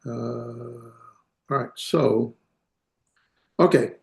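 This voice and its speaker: A man teaching a class, talking in a halting way with many fillers and self-corrections. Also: medium pitch, vocal fry. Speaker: instructor. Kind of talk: classroom lecture.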